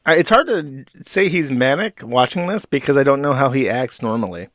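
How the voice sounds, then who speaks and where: A man's voice: medium pitch, lively intonation, normal speed, a bit bright, dry recording. Sarcastic man with a dry close mic. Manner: sarcastic, profane, mocking. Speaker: commentary host. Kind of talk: casual commentary over clips.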